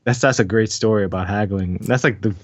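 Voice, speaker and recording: A man's voice: on the low side, brisk, dry recording. A man joking around in casual, profane banter while he interviews his guest. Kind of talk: casual chat.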